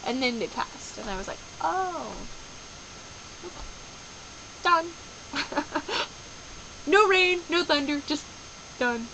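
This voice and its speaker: A young adult woman chatting in a casual daily video diary, rambling and animated, dropping into playful voices as she tells stories. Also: sits high, slow, noisy background. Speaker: vlogger.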